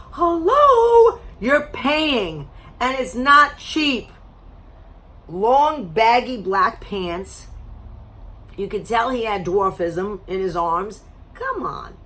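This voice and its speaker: A woman vlogger telling a story to camera in a blunt, animated way, swearing freely, her voice a little strained as she loses it. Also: medium pitch. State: losing her voice.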